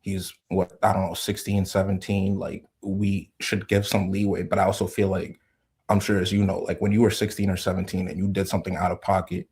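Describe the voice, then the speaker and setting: A tired man calling in after a long work shift, speaking low and rambling with lots of filler words. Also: flat delivery, fairly quick, a little mellow, slightly rough. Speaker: caller. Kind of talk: casual call-in discussion.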